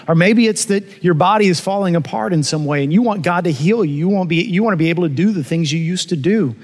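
A man's voice: high-pitched, brisk, hardly any pauses. Earnest preacher man in a reverberant hall. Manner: earnest preaching with emphatic rises and hushed asides. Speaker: pastor. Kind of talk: sermon. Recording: long reverb of a large hall.

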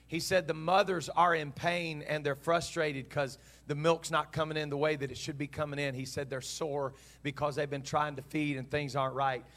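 A man's voice: a little high, a bit bright. A man preaching a sermon, telling a story in an earnest, heartfelt way and voicing both sides of a dialogue. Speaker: pastor.

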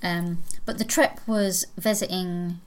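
A woman's voice: lowish voice, fairly even intonation, slow pace. A woman in her thirties co-hosting a podcast, chatting casually and giggling as she tells corny jokes. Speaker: podcast co-host. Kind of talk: casual chat.

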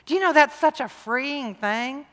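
A middle-aged woman, preaching to a women's rally with lively, emphatic, jokey swings between loud and hushed. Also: high voice, measured pace. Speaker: women's conference speaker. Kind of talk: sermon. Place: large church hall. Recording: long hall reverb.

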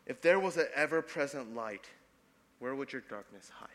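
A young adult man, a pastor preaching a sermon, swinging between loud emphatic passages and soft hushed ones. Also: medium pitch, lively intonation, normal speed, in a large hall.

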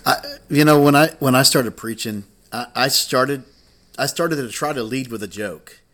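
A man's voice: mid-range voice, normal speed. A man who is a pastor, co-hosting a podcast, talking casually and laughing often as he tells stories. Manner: animated, laughs often, repeats words.

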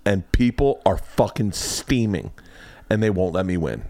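A man's voice: low-pitched, a little slow, no room sound. A man hosting a podcast, telling a boastful story in casual chat and swearing freely. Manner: animated, boastful, profane storyteller. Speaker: podcast host.

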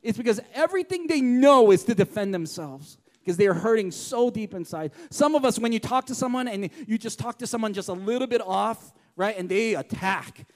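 A middle-aged man preaching a sermon in church, passionate and emphatic, repeating key lines for weight. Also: high voice. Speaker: pastor.

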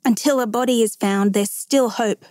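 A woman's voice: on the high side, moderate pace, a little mellow, no room sound, studio quality, lightly acted. A woman voicing a determined adult male firefighter in a true-story reading, earnest in tone. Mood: hopeful.

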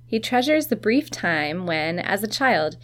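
A woman host reading scripted narration that introduces guests, with a smooth presenter delivery. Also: medium pitch, sing-song, measured pace.

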